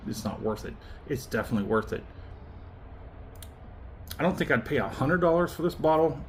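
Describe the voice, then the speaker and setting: A man hosting his own channel, giving a chatty, animated spoken review of a whiskey and laughing between thoughts. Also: medium pitch, a little hiss or hum.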